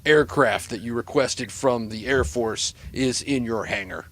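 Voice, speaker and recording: A man voicing a gruff, cigar-smoking military commander who speaks in short, profane orders. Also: medium pitch, unhurried, fairly bright tone, dry recording. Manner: curt and profane.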